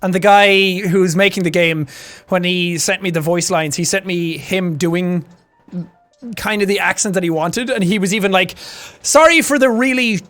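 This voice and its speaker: A young Irish man chatting casually on a stream, animated and quick to laugh. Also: high voice, soft background music. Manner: animated, chatty, laughs often, slips into character voices.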